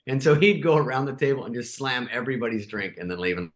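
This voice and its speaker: A middle-aged man, a guest on a talk show, telling stories in a relaxed, chatty way and jumping into higher voices to act out what others said. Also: fast talker, background noise. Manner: animated, acts out quotes in raised voices. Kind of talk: casual interview storytelling.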